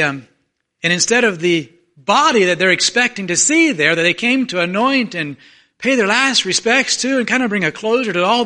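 High-voiced preacher telling a story. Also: male voice. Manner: storytelling, acting out voices, swings from loud to very soft. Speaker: pastor. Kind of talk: sermon.

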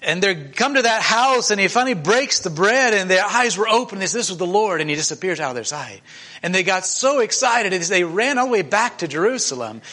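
A man with a high, bright voice preaches to a church meeting. He retells the story emotionally and conversationally, with frequent restarts. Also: sing-song, brisk. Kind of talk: sermon retelling a scripture story.

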